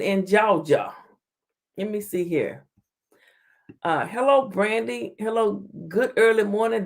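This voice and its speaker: A woman hosts a late-night live stream. She talks in a chatty, casual way, greets viewers by name and lets her pitch swing up and down. Her voice sits in the middle range for a woman. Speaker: talk show host.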